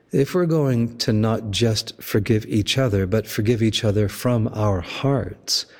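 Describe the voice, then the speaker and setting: A man delivering a sermon as a pastor, slow and measured with deliberate emphasis. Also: lowish voice, darkish tone, slightly rough, long reverb tail.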